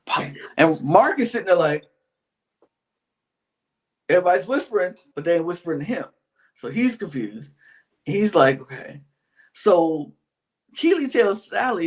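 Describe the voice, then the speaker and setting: In a laid-back chat, this podcast co-host recaps a reality show, voicing the other cast members' lines, sometimes in a whisper, and stretching out slangy exclamations. The voice sits in the mid-range with a sing-song lilt.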